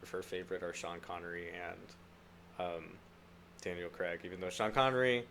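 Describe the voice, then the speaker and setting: Low-voiced playful man, teasing. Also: fairly even intonation, normal speed, gravelly, noisy background. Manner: playful, teasing, laughs easily. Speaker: podcast co-host. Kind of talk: casual chat.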